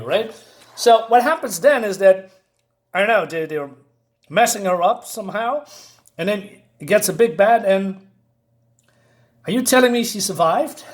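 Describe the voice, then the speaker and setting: A man casually reviewing a comic book, sarcastic and dismissive, rambling with plenty of fillers. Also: high-pitched.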